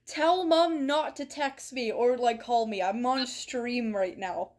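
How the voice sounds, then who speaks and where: A woman's voice: a little high, slow. A woman streaming a game from her bedroom, chatting with viewers in a playful, mock-dramatic way. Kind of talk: live-stream chat while gaming. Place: bedroom at home.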